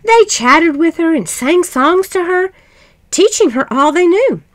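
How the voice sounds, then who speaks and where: Expressive high-voiced woman reading a fairy tale. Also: a little slow. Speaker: storyteller. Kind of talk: fairy tale read-aloud.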